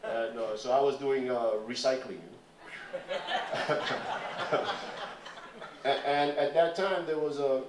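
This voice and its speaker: An older man with a Nuyorican accent telling a story on stage at a small café, animated, profane and conversational. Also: medium pitch, slow, long pauses, very noisy. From Puerto Rican New York. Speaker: spoken word performer. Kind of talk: live storytelling. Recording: roomy live stage from far off.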